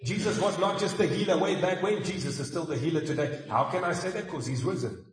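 A man delivers a sermon in a conversational way, slipping in humorous asides. His voice sits a little high for a man. He stands away from the mic, and the sound rings through a large reverberant church hall. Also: quick pace. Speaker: preacher. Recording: echoey hall, mic far off.

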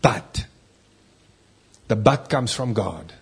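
A male pastor preaching a sermon, emphatic, swinging between loud declarations and hushed, low lines. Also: expressive, extremely slow, husky.

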